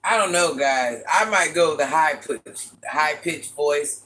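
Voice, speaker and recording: A woman with a deep, raspy voice hosting a casual livestream, chatting and teasing as she reads viewers' comments. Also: lively intonation, a little slow, fairly bright tone. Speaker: livestream host reading chat. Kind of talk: casual live chat with viewers.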